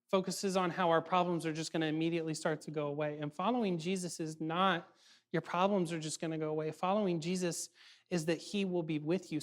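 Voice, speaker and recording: A man giving a casual youth sermon, animated and chatty, full of fillers and quick check-ins with his audience. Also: on the high side. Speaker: youth ministry speaker.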